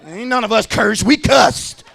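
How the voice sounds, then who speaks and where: A man preaching a sermon as pastor, shouting and half-singing his lines, calling out to the congregation. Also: high voice, a little slow, creaky, a faint crowd.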